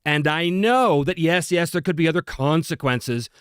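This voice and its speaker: A man hosting a live Q&A stream, his voice sitting somewhat high and swinging widely in pitch as he chats with viewers. The sound is close and dry, and his manner is chatty and self-deprecating. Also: lively intonation, moderate pace, fairly bright tone, clean tone, dry recording. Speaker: host.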